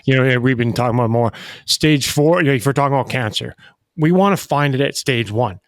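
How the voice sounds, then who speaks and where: A man co-hosting a podcast, with a mid-pitched voice that is close and dry. He talks emphatically, building his points through analogies and tag questions. The delivery is casual and conversational. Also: fast, no echo. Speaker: podcast co-host. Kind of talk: casual chat.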